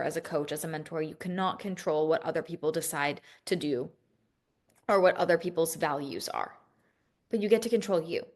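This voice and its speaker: A woman's voice: on the low side, darkish tone. Candid swearing woman coaching podcaster. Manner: emotional, blunt, swears freely, rambling restarts. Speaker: business coach and podcast host. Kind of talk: candid solo podcast monologue.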